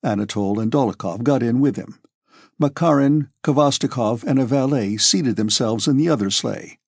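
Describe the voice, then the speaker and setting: A male audiobook narrator with a husky voice at a middle pitch, reading in a measured, steady way. The recording is close and dry, with no room sound. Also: no echo.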